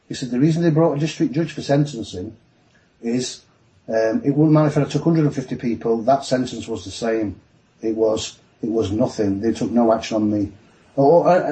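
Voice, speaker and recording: A man's voice: mid-range voice, low-quality recording. A man telling a long story on a podcast, acting out the voices of others as he goes. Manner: animated, mimics voices in retelling. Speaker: guest telling his story.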